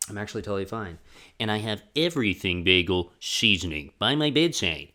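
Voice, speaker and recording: Young man, low-pitched, rambling, self-deprecating, casual solo podcast host. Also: expressive, quick pace. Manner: rambling, self-deprecating, jumps into loud sung and acted bits.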